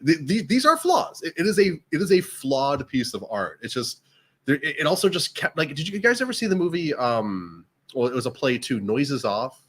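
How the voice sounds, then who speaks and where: A man's voice: fairly high pitch, big pitch swings, normal speed, breathy edge. A man co-hosting a casual film chat, rambling with many restarts and asides. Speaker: podcast co-host.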